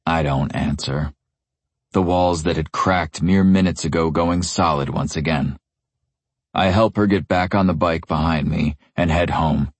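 A man with a very low voice narrates a first-person audiobook with a brooding, gruff edge. The sound is dry and close, with no room around it. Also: no echo.

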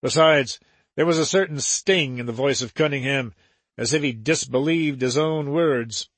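A man narrating an adventure novel in a measured, steady way. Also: mid-range voice, no room sound. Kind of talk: audiobook narration.

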